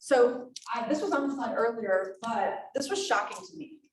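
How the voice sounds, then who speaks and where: A woman's voice: fairly high pitch, expressive, moderate pace. A woman giving a workplace safety presentation, talking conversationally and putting questions to the audience. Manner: conversational, asks the room questions. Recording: echoey room, mic at a distance, faint noise.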